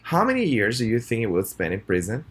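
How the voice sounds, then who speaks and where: A man with a Spanish accent teaching English pronunciation in a recorded lesson, reading example sentences slowly and clearly for students to repeat. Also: fairly low pitch, huge pitch swings.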